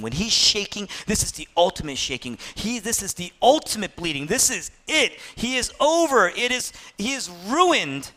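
A man preaching a sermon, impassioned, swinging from loud emphatic peaks to hushed low passages. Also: very animated, normal speed, hardly any pauses.

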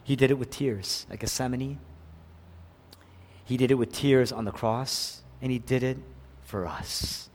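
A man preaching a sermon, swinging from loud cries down to hushed, near-whispered lines. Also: medium pitch, steady tone, moderate pace, pauses often. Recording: long hall reverb.

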